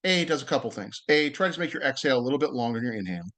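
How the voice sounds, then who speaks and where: A man's voice: mid-range voice, expressive, racing, a bit bright. A man giving a casual online talk as a yoga teacher, friendly and loose, with many fillers and restarts, and guiding a breathing exercise over a video call. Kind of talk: casual presentation with guided breathing.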